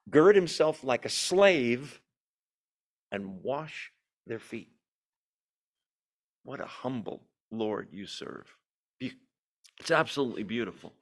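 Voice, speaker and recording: A man teaching a Bible study in a lively, joking, conversational way. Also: medium pitch.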